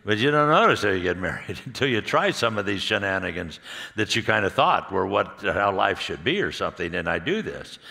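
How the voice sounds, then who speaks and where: A man preaching at a marriage conference, telling stories in a rambling, halting way and often laughing. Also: on the low side, vocal fry, pushed and bright, big-room sound. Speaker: pastor speaking at a marriage conference. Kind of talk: conversational sermon with storytelling. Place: church hall.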